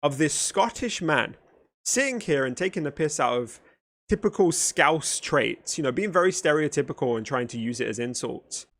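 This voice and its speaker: A man's voice: on the high side, lively intonation, normal speed, fairly bright tone. Sarcastic man commenting on clips. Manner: dry, sarcastic, mocking. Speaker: streamer making a response video.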